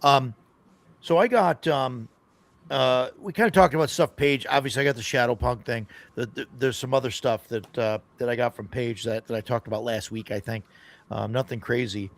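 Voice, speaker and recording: A man hosts a relaxed gaming chat with a voice of ordinary pitch. He tells stories in loose, rambling runs and laughs often as he talks. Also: moderate pace, dry recording. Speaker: podcast host. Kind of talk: casual chat.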